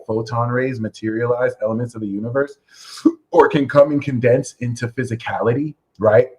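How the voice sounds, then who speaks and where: A young man giving a casual astrology reading, loose and joking, with bursts of loud, animated rants. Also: low-quality recording. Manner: animated, swings into loud high playful rants with profanity. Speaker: astrology reader.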